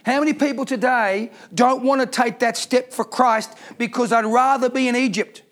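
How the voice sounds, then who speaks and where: A man's voice: very high-pitched, steady tone, moderate pace, a bit bright. A man preaching a sermon as pastor, reading scripture aloud and asking the congregation rhetorical questions.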